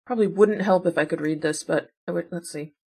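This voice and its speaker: A woman talks her way through guessing games, musing aloud in a relaxed, chatty way. Her voice sits on the lower side, and she drops in wry remarks about herself as she goes. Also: quick pace, vocal fry, husky. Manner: chatty, wondering aloud, self-deprecating asides. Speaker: puzzle game streamer. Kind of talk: casual think-aloud commentary.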